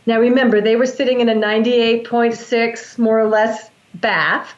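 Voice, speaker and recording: A woman's voice: a little high, steady tone, moderate pace. A woman, a breath work practitioner, earnestly explaining her practice in an interview, often restarting her sentences. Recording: echoey, dull lo-fi sound.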